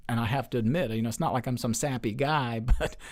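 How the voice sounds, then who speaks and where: A man in his forties talks as an interview guest, earnest and chatty, with a medium-pitched, everyday voice. He tells long stories, circling back with plenty of "you know"s and restarts. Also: quick pace. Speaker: state lawmaker as guest. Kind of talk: casual storytelling interview.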